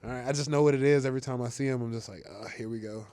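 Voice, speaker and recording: A young man chats loosely in an interview, his words full of fillers, repeats and easy laughter. His voice sits at an ordinary middle pitch. The sound is dry and close, with no room around it. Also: very fast, clear, resonant tone, no echo. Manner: relaxed, rambling, lots of fillers and restarts, laughs easily. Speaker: football player being interviewed. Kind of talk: casual interview talk.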